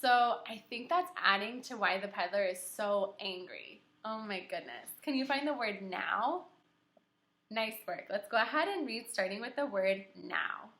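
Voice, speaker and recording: A young woman teacher reading a story aloud to kindergarteners, animated and encouraging, asking the children questions. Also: mid-range voice, unhurried. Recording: echoey room.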